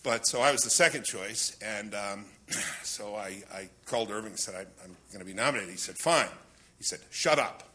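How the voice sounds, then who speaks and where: A man's voice: fairly low pitch, brisk, few pauses, bright, forceful tone. A man in his sixties on a conference panel, telling anecdotes with wry, self-deprecating humor and the odd chuckle. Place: conference roundtable.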